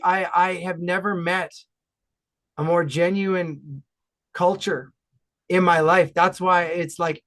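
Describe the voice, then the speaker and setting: A man from Ontario, Canada, talking enthusiastically and loudly as a guest in a casual podcast chat. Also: high voice. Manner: enthusiastic, animated, loud talker.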